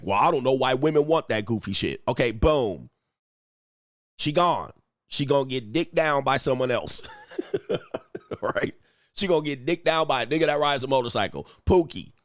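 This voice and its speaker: A man's voice: medium pitch, no room sound, clean studio sound. A man giving casual relationship-coach commentary on online comments, blunt and profane, mimicking the men he quotes.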